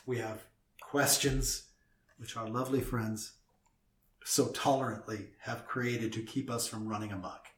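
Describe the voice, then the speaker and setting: A man in the middle pitch range hosts a playful chat, drawing things out and teasing his partner. His voice carries a clear room echo. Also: fairly even intonation, recorded from a distance. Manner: teasing, drawn-out, stalling with breathing exercises. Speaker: host. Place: indoors at a table. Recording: roomy echo.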